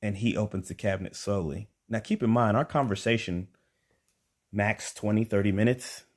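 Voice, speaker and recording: A young man with a very low voice tells a comedy story on stage. He is animated and acts out each person's lines with rising emphasis. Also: normal speed. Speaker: stand-up comedian. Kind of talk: stand-up storytelling.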